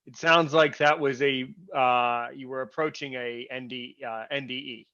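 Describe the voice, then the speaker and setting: A man hosts a casual chat, speaking in a sympathetic, careful way. His tone is bright and forceful, while the recording sounds dull and lo-fi. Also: medium pitch, steady tone, normal speed. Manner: sympathetic, cautious. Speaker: podcast host.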